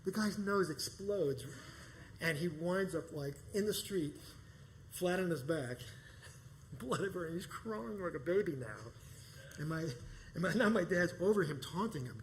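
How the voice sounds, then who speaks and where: A man telling a personal story live on stage, animated and profane, often breaking into laughter. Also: high voice, moderate pace, slight background noise, poor audio. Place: performance space stage.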